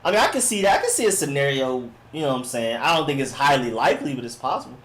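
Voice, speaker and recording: A man's voice: mid-range voice, animated, quick pace, fairly bright tone. Laid-back man chatting on a live stream. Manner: laid-back, rambling, slangy, often says "you know what I'm saying". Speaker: sports live-stream host. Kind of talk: casual live-stream chat, reading and answering viewer comments.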